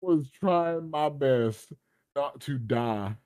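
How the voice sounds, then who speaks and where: A man's voice: mid-range voice, lively intonation, drawn-out words, darkish tone, slight background noise. A young man, a podcast guest, telling a work story in a casual, rambling, stop-start way and laughing through it.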